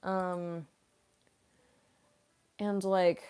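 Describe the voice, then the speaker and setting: A woman's voice: lowish voice, measured pace, long pauses, a little mellow. A woman voice actress chatting casually on a livestream, reading viewer comments and rambling with lots of filler words. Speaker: voice actress and streamer.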